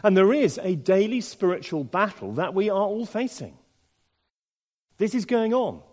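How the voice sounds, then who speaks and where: Male preacher, slightly high voice with a very animated delivery, long hall reverb. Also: moderate pace. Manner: expressive, with many rhetorical questions. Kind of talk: sermon.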